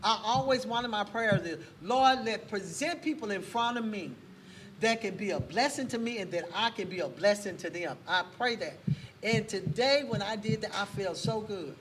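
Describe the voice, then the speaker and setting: A woman telling a faith story as a guest on a casual talk show, lively and full of church exclamations. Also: medium pitch, moderate pace. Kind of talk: testimony in a casual chat. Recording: distant mic with faint background noise.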